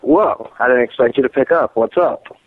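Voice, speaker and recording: A man calls in to a podcast and talks in a low-key, mild way with little energy. The sound is a tinny phone line, dry and thin. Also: moderate pace, no echo. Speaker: caller. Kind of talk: phone-in chat.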